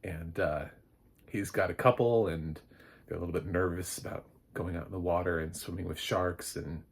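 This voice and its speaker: Low, slightly husky male film reviewer; loose, chatty delivery with plenty of fillers. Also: steady tone, normal speed. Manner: rambling and chatty, with many fillers and light laughs. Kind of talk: casual spoken movie review.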